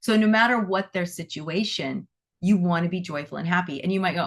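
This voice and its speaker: Chatty lower-pitched woman teacher. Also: a little fast. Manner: chatty, acts out inner dialogue in quoted voices; frequent "like" and "you know" fillers. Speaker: animal Reiki teacher. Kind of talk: casual spoken talk to a class.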